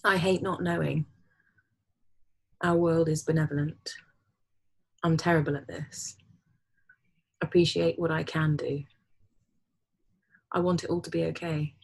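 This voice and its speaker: A woman co-hosting a reflective talk, reading her own poem in a gentle, unhurried way. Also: low voice, steady tone, creaky, breathy edge. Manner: gentle, soft-spoken, unhurried. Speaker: podcast co-host.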